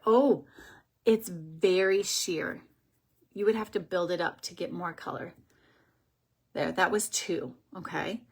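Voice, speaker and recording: A woman hosting a casual beauty vlog, chatting through makeup swatches as she thinks aloud. She sometimes drops to a soft whisper and stumbles over product names. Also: fairly low pitch, takes it slowly, creaky, long pauses, husky. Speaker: beauty vlogger host.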